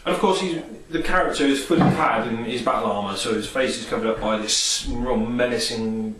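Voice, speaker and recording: A man's voice: medium pitch, normal speed, recorded from a distance, a crowd in the background. A man chatting casually and enthusiastically about favourite film scenes, rambling with many fillers. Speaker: vlogger. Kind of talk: casual film and game review. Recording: echoey room, off-mic, faint hiss.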